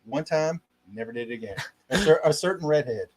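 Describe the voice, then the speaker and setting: Joking podcast co-host, slightly high voice. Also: male voice, expressive, brisk, rough recording. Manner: joking, self-deprecating asides. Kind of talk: casual chat.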